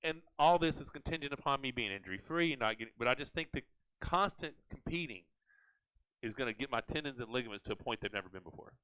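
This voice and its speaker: A man hosting a casual live chat, animated and rambling with frequent restarts. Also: medium pitch, fast talker, clean tone, no echo, poor audio. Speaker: host.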